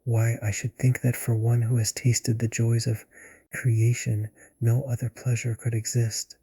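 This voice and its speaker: A man voicing an earnest young woman who dreams of acting, in a breathy whispered role-play. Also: medium pitch, completely flat delivery, a little slow, dark tone, no echo, clean studio sound.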